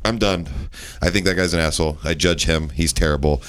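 A man's voice: a bass voice, fairly even intonation, a little fast, fairly bright tone, slight background noise. A man in casual podcast banter who gives blunt, harsh judgments and laughs often.

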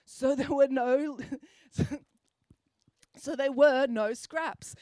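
A woman's voice: sits high, a little mellow, dry recording, voice pushed up. A woman voicing a clever, peculiar schoolgirl detective in a storybook reading, confident and matter-of-fact.

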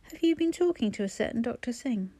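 A woman voicing a brisk, caustic housekeeper. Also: a little high, expressive, mellow. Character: sharp-tongued no-nonsense young woman housekeeper. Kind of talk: audiobook character voice.

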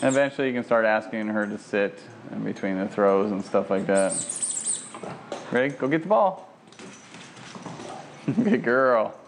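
A man working as a dog trainer, coaching an owner at home with lively praise for the dog. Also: lowish voice, moderate pace, slight background noise. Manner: lively, sing-song praise for a dog between plain explanations. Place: home kitchen.

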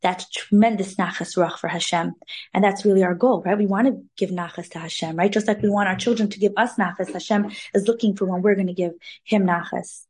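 A woman giving an informal, animated weekly Torah talk, sprinkling in Hebrew terms. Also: medium pitch, brisk, breathy edge. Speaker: Torah class speaker.

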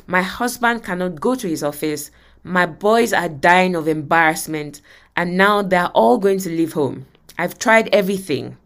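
A woman's voice: fairly low pitch, lively intonation, a little slow, a bit bright. Upset middle-aged mom begging her pastor for help, woman reading it out, gets emphatic. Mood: distraught. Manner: read aloud with rising emphasis. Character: middle-aged mother pleading with a pastor, distraught.

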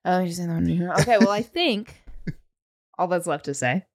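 Lively, playful woman co-host. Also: fairly low pitch, a little fast. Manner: playful, laughs often. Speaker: podcast co-host. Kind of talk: casual chat.

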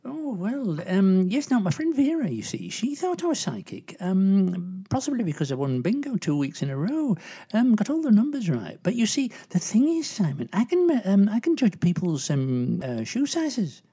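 A woman's voice: mid-range voice, big pitch swings, moderate pace, dark tone, breathy edge. A woman playing a gossipy older woman agony aunt in a comedy sketch, rambling with lots of asides. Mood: chatty. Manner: rambling, full of "you know" and asides.

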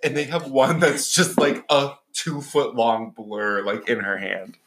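A man's voice: mid-range voice, flat delivery, unhurried, fairly bright tone. A man co-hosting a podcast in casual chat, giggling often and full of "like" fillers. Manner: giggly, chatty, lots of "like" fillers. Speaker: podcast co-host.

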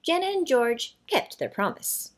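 A woman reading a children's story aloud, with slow, animated storybook narration. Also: high-pitched.

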